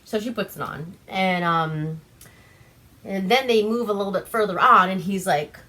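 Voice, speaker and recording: A woman's voice: medium pitch, moderate pace, sharp tone. A young woman from Alaska hosting a casual movie recap, chatty and giggly with lots of fillers, a little tipsy on wine. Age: young adult. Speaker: vlog host.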